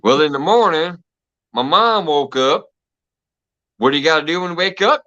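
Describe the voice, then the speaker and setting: A man's voice: fairly high pitch, lively intonation, normal speed, bright, forceful tone. A man hosting a casual live stream, telling stories with lots of laughter and swearing. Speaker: host. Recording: dull lo-fi stream audio.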